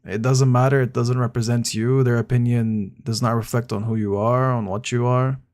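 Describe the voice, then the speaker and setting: A man's voice: mid-range voice, little pitch movement, moderate pace, a little mellow. A young man chatting casually, blunt and slangy, reacting with disbelief. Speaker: streamer reacting to chat. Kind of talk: casual chat.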